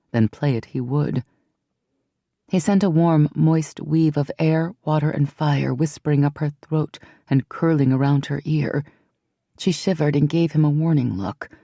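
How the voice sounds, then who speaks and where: An audiobook narrator telling a fantasy romance in an even, measured way. The voice is gravelly and mellow, recorded close and dry. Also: mid-range voice, no echo. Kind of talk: scripted narration.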